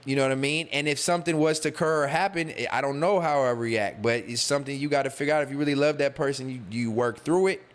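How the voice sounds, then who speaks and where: Talking fast with hardly a pause, a young man in a mid-range voice hosts a live podcast stream. He riffs loosely and profanely in slangy language, reading chat and speaking straight to his viewers.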